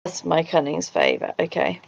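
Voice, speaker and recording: A woman's voice: low-pitched, wildly swooping pitch, moderate pace, gravelly, lo-fi sound. A woman playing in a tabletop game, speaking hesitantly and unsure of the rules. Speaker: player. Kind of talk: casual game chat.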